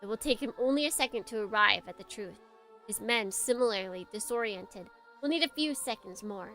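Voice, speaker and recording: Bright-voiced woman streamer, giggly. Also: on the high side, animated, fairly quick, soft background music. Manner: giggly, reads narration in a hushed dramatic tone. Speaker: streamer reading a visual novel aloud. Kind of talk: let's play commentary and dramatic reading.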